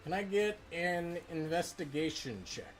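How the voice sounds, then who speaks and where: A man narrating a tabletop game as game master, in a slow, halting way with many pauses and fillers. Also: fairly high pitch, animated, soft background music.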